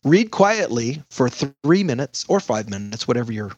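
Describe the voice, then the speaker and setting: A middle-aged man, a guest educator in a podcast interview, talking in an energetic, chatty way with jokey asides. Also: mid-range voice, normal speed, slightly rough, no echo, dull audio.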